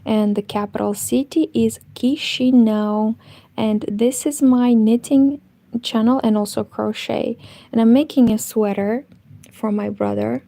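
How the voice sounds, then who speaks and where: Woman hosting a relaxed knitting stream, unhurried and gravelly, talking softly to viewers. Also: on the high side, low-quality recording. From Moldova. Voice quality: soft, partly whispered. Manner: chatty, greets viewers while knitting. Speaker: knitting channel host. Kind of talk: casual livestream chat. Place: home, indoors.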